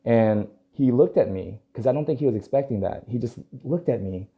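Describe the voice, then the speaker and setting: A man's voice: medium pitch, animated, fairly quick, slightly rough. A young adult man telling a story in casual talk, acting out dialogue and laughing often. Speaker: dog groomer and vlogger. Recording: dull lo-fi recording.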